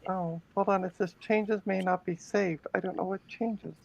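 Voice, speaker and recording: A woman's voice: mid-range voice, fairly even intonation, normal speed, vocal fry, a little mellow, highs cut off, slight background noise. A woman hosting her stream, chatting casually with guests on a voice call in a wry, teasing way. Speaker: streamer and host. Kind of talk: casual chat.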